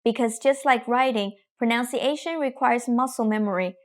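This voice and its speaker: A young adult woman teaches Mandarin pronunciation in a scripted lesson, speaking slowly and carefully as she demonstrates the sounds. Her voice is on the high side.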